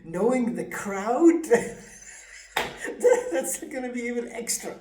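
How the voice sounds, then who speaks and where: A speaker making a reaction video, commenting in excitable, laughing asides. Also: mid-range voice, takes it slowly, reverberant, noisy background.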